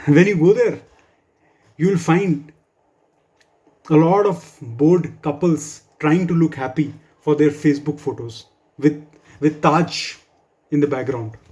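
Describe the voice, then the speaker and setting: Man, stand-up comic, mellow tone, slightly high voice, dry asides. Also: slow pace, pauses often. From India. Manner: wry, dry humor with asides. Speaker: stand-up comedian. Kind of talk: stand-up comedy set for office colleagues.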